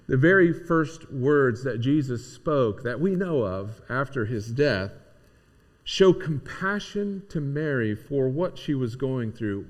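A man's voice: mid-range voice, expressive, moderate pace. A man preaching a conversational sermon, talking informally to his congregation with frequent restarts. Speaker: pastor. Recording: long hall reverb.

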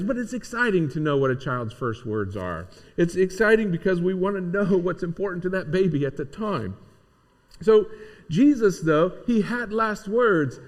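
Guy giving a chatty sermon, kinda high voice, long hall echo. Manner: conversational preaching with many restarts. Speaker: pastor.

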